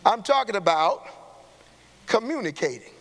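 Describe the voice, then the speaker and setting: A man preaching a sermon to his church. He calls out to the congregation and builds to shouts. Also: sits high, very animated, moderate pace. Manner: call-and-response preaching, rising to shouts. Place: church sanctuary. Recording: long hall reverb in a church.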